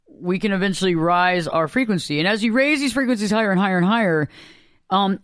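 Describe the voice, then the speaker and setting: A man's voice: high-pitched, clean tone, dry recording, studio quality. A man hosting a spiritual talk show, speaking in an earnest, rambling way that circles back and repeats his points.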